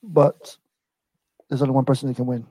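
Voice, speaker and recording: A young man co-hosting a casual podcast chat, rambling and relaxed, laughing often. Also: medium pitch, normal speed, slightly rough, dry recording, low-quality recording. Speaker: wrestling podcast co-host.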